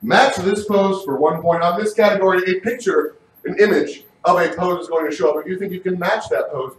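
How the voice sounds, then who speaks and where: Loud, high-voiced game show host man. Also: fairly quick. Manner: loud, energetic, often shouting. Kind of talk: live game show hosting. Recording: echoey room, distant mic.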